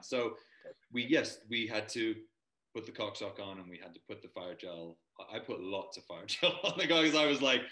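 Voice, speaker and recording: A man's voice: fairly low pitch, animated, moderate pace, bright, forceful tone, reverberant, poor audio. A middle-aged man, an actor guest, telling long rambling anecdotes in a casual interview. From Montana and London. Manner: rambling anecdotes, acts out quoted voices.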